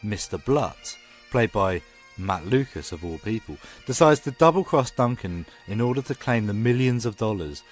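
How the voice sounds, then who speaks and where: A man's voice: fairly low pitch, normal speed, faint music behind. A man co-hosting a film podcast, chatting enthusiastically and reading scripted reviews. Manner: enthusiastic, animated. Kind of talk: casual chat and scripted review narration.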